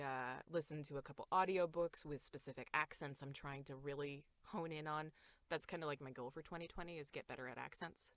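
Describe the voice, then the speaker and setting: A woman voice actor in a casual podcast chat, talking fast and laughing often as she acts out quotes. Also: deep voice, fairly bright tone, no echo, studio quality. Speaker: voice actor guest.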